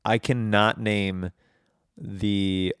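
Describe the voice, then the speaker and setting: A man in casual comedic podcast chat who rambles through anecdotes. His voice is low, smooth and resonant. It is recorded dry and close. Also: fairly even intonation, very slow, a bit bright, no echo. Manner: rambling storyteller, laughs easily. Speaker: podcast co-host.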